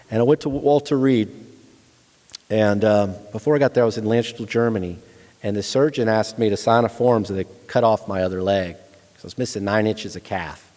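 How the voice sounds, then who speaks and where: A man's voice: on the low side, darkish tone. A middle-aged man, a retired soldier, telling a frank personal war story to a lecture audience, with blunt soldier humor. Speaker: guest lecturer, retired Army staff sergeant. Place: large lecture hall. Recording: long reverb of a large hall.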